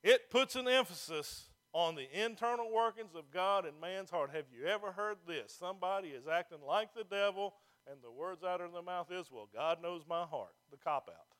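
High-voiced man preaching emphatically. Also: moderate pace, hardly any pauses, a bit bright, clean tone. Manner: emphatic preaching with rhetorical questions to the congregation. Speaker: pastor. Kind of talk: sermon. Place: church with a congregation.

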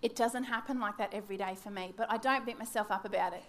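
A woman's voice: medium pitch, fast, slight background noise. A woman in her thirties giving a devotional teaching talk, candid and self-mocking, acting out her own wandering thoughts. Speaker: church teacher.

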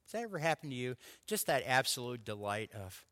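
A man delivers a sermon, his bright and pointed tone carrying long reverb through a large church hall. He tells stories with lively swings from loud declarations to quiet, intimate asides. His pitch sits in an ordinary middle range. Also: brisk. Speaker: pastor.

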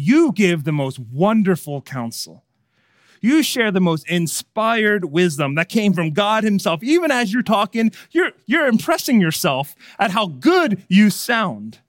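A man preaching a sermon, swinging between hushed and emphatic delivery. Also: high-pitched, no echo, clean studio sound. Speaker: pastor.

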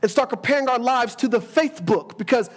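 A man's voice: very high voice, lively intonation, brisk. A man preaching a sermon, emphatic, often repeating words as he builds a point and quoting scripture.

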